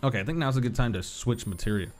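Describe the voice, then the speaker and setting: A man in his thirties streams a video game, racing through rambling stories in a mid-range voice, swearing casually and laughing easily. It's relaxed gaming commentary with faint music in the background.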